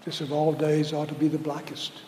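A man preaching a sermon as pastor, slow and deliberate, building to loud emphatic peaks. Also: a little high, flat delivery, slight background noise. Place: church sanctuary. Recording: roomy hall reverb with faint ambience.

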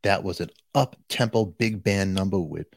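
A man's voice: low-pitched, normal speed, no echo. A man hosting his own channel, talking straight to viewers in a jokey, chatty way. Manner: animated, jokey, addresses viewers directly. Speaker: channel host.

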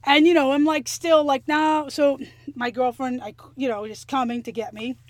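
A woman telling a story in casual chat, animated and profane, acting out the things people said. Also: high voice, normal speed. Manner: animated, profane, acts out quotes.

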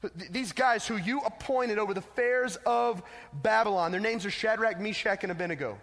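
A man voicing sneaky, flattering male courtiers who tattle to a king, in a wheedling tone, in an echoey hall. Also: high voice, normal speed. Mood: tattling. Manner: wheedling, fawning.

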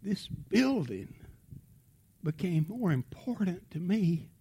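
Husky, animated middle-aged male preacher. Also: a little high, takes it slowly. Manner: animated storytelling, drops to a hush for tender moments. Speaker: pastor. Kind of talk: sermon storytelling.

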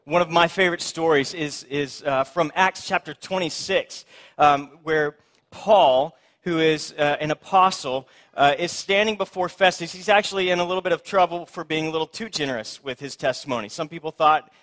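A man's voice: on the high side, normal speed, fairly bright tone. A man preaching a conversational sermon as pastor at a church service, retelling a story in a casual, plainspoken way.

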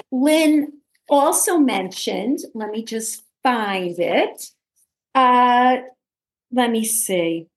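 A woman's voice: a little high, reverberant. A woman host with a New York accent, chatting in an interview and hesitating with ums while she searches her notes. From Brooklyn. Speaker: podcast host. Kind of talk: casual interview chat.

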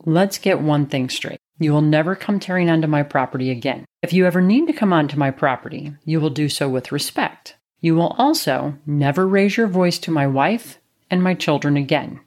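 A woman with a fairly low voice voicing a stern father who speaks in a deadly calm, even tone. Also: a little fast.

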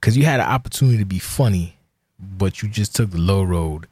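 A man's voice: deep voice, expressive, a little fast, darkish tone, breathy edge, no room sound, clean studio sound. A man hosting his own podcast, ranting alone in a heated, profane, rambling way. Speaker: podcast host. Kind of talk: casual solo rant.

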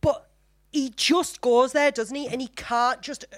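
A woman's voice: high-pitched, fairly even intonation, unhurried. Sweary woman chatting. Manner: sweary, laughing, sarcastic. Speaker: podcast co-host. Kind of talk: casual chat recapping a TV show.

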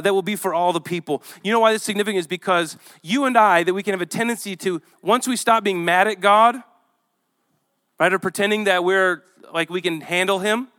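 A male pastor preaching a sermon in an animated, conversational way, reading scripture aloud to a church with children present. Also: sits high.

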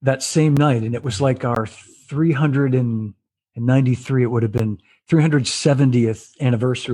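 A man's voice: mid-range voice, a little mellow, breathy edge. A man hosting a casual interview over a video call, telling rambling stories with many restarts. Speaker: host.

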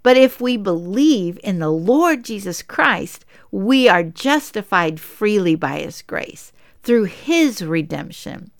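A woman's voice: mid-range voice, big pitch swings, slow pace, no room sound, studio quality. A woman teaching a Bible lesson to a women's group, reading scripture aloud in an earnest way and lifting her voice for quoted speech.

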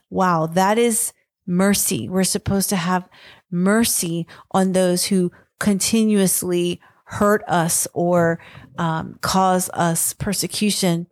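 A woman's voice: fairly low pitch, no echo. A woman giving an earnest devotional Bible teaching, retelling scripture in plain words with small fillers. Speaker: podcast co-host teaching on scripture.

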